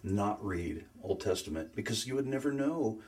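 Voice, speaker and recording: A man telling his faith story in a casual conversation, earnest and emotional, often pausing to search for words. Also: on the low side, animated, darkish tone. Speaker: guest sharing faith story.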